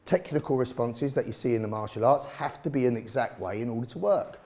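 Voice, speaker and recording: A man's voice: mid-range voice, fairly quick, dark tone. A man explaining a self-defence drill, blunt and casual, with the odd swear word. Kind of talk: instructional commentary.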